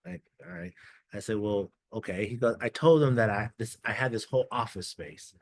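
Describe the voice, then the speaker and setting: A man with a fairly low pitch and a brisk pace gives a casual, chatty talk to an audience as a guest speaker. He tells stories with dry humor and acts out the dialogue he quotes.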